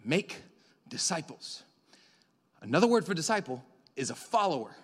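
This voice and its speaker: A young man in his twenties preaching a sermon as pastor in a church, animated, swinging between loud excited bursts and quiet intimate passages. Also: a little high, normal speed, slightly rough. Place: church sanctuary. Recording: long hall reverb.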